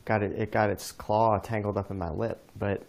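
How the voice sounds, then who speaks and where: A man with a low, gravelly voice hosts a podcast in loose, casual chat. He rambles through a story, often restarting his sentences. His delivery is relaxed and conversational. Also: moderate pace. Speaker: podcast host.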